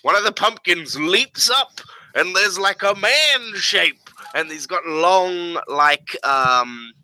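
A man's voice: high voice, expressive, takes it slowly, pushed and bright, no echo, poor audio. A man running a tabletop game as game master, describing scenes hesitantly with many fillers.

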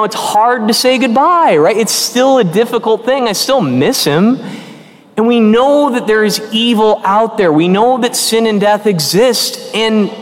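Animated, earnest priest in echoing church. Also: male voice, high-pitched. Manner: conversational, earnest, emphatic. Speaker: Catholic priest. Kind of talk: sermon. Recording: long church reverb.

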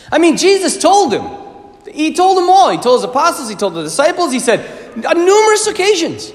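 A man, a priest, giving a homily at Mass, telling the story animatedly, acting out startled reactions and often clearing his throat. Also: very high voice, huge pitch swings, moderate pace, pauses often. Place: church. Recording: long church reverb.

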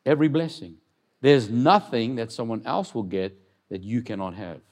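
A man preaching a sermon as pastor, building loud emphatic declarations and dropping low to read scripture and question the congregation. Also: normal speed.

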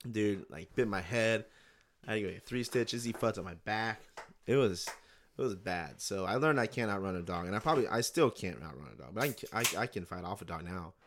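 Young guy hosting a podcast, lowish voice, rambles on, cussing, calls everyone dude. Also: animated, fairly quick, a bit bright, slight background noise. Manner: rambling, laid-back, swearing, says "dude". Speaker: podcast host. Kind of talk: casual storytelling chat.

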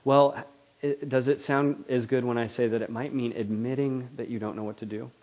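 A man giving a sermon at a middle pitch. He talks to the room in a conversational way and keeps asking questions. He also puts on voices for the people he quotes. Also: fairly even intonation, moderate pace, a little mellow. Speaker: preacher.

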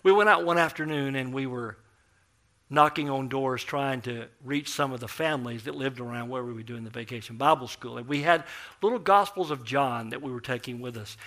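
A man preaching a sermon, telling a story in an animated way and acting out the people in it. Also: mid-range voice, a little fast.

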